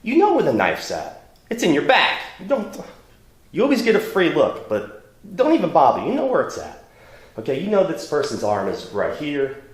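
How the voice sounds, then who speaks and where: A man's voice: a little high, wildly swooping pitch, normal speed, echoey room. A man teaching self-defense against knives in a casual demonstration lesson, blunt and chatty, often checking in with "okay?".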